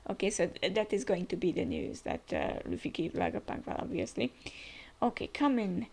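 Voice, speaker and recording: A woman's voice: mid-range voice, huge pitch swings, brisk, vocal fry, a little mellow. A woman hosting a manga reaction video, musing chattily with frequent hesitations. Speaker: manga reaction channel host. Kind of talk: casual manga reaction commentary.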